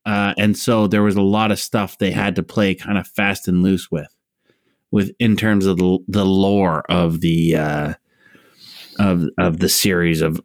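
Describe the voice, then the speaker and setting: A man's voice: low-pitched, no room sound, clean studio sound. A man co-hosting a podcast in casual chat, joking darkly and swearing, often breaking into laughs. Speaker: podcast co-host.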